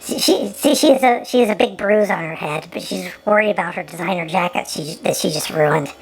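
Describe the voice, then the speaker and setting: A woman's voice: fairly low pitch, animated, fairly quick, gravelly, rough recording. A woman giving sarcastic running commentary over an old film, often stumbling and repeating her words.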